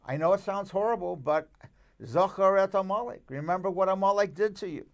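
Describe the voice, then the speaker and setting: A man's voice: sits high, a little fast. A man, a rabbi guest in a conversational interview, speaking emphatically and arguing with rhetorical questions.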